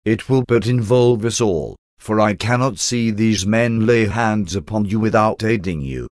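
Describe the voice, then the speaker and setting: A man's voice: on the low side, a little slow, darkish tone, no echo, clean studio sound, close to an everyday voice. A man voicing a loyal male officer who speaks earnestly and formally. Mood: pleading.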